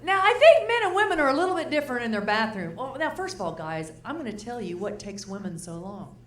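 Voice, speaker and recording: A woman's voice: a little high, big pitch swings, quick pace. An older woman performing a stand-up routine on stage, chatty and asking the crowd questions, now and then acting out the people she talks about. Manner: chatty, asks the crowd questions, acts out characters. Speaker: stand-up comedian. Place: comedy stage before a live audience. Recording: roomy live venue.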